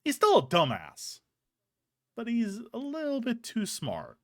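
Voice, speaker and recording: A man's voice: extremely high pitch, unhurried, no room sound, studio quality. A young man streaming, ranting casually and profanely with many restarts, in a hot room with a fan on. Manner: animated, profane, rambling with restarts.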